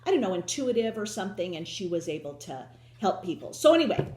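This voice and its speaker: A woman's voice: mid-range voice, sing-song, fast talker, dark tone, echoey room. A woman hosting a casual home chat, rambling with many restarts and drifting back with "so anyway". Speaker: host.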